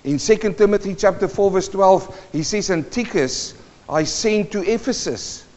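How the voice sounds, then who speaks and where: A man preaching a sermon, animated and emphatic, often asking the congregation questions and answering them himself. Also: high-pitched, normal speed. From New Zealand. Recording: dull sound with long reverb.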